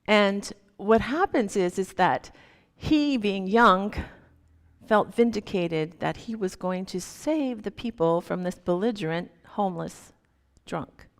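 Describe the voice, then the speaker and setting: A woman minister telling a story in a sermon, gentle and unhurried. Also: mid-range voice. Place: church sanctuary. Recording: long hall reverb.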